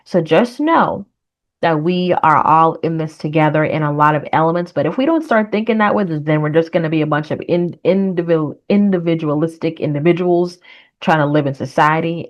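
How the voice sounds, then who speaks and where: A woman giving a casual reaction commentary on a trailer as the host of her channel, chatty and earnest, with encouraging, faith-tinged sign-offs. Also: low-pitched. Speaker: reaction vlogger.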